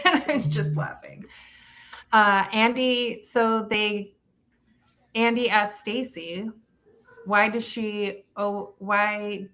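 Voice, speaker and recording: A middle-aged woman recaps reality TV on a podcast in a relaxed, gossipy ramble. She loops back, restarts her sentences and piles on asides. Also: mid-range voice, takes it slowly. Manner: chatty, gossipy, trails off and restarts. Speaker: podcast co-host. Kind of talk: casual reality-TV recap chat.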